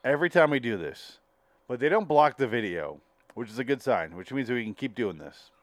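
Male podcast co-host: animated scene-retelling, expressive pitch, dry booth sound. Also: a little fast, dry recording. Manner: animated storyteller who acts out scenes. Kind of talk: casual chat, reacting to a TV show.

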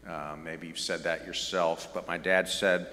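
A man's voice: sits low, little pitch movement, a little slow, bright, forceful tone, big-room sound. A middle-aged man with a Southern US accent, preaching a conversational sermon with joking asides. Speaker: pastor.

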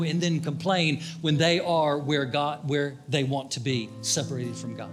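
An older man preaching a fervent sermon, his voice pitched high as he presses his appeals, then sinking to hushed pleas. A faint guitar plays softly underneath him. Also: moderate pace, few pauses. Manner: impassioned preaching, rising and dropping to hushed tones. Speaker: pastor.

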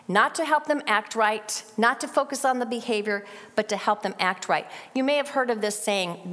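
A woman's voice: medium pitch, a bit bright, in a large hall. A middle-aged woman giving an earnest church parenting talk to a live audience, acting out child voices as examples. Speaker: parenting class speaker.

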